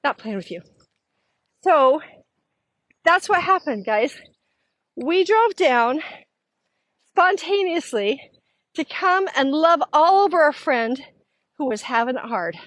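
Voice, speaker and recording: A middle-aged woman hosting a show, telling a story in a lively, casual way and often acting out the voices of the people she quotes. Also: high-pitched, slow pace, long pauses, no room sound. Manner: animated, acts out quoted voices, laughs often. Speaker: podcast host.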